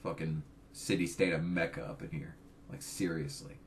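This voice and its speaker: A man's voice: rumbling low, fairly even intonation, normal speed, gravelly, slight background noise. A young man in his twenties, a college student by his own account, giving a profane, exasperated rant on his vlog. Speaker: vlogger. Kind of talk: ranting political vlog.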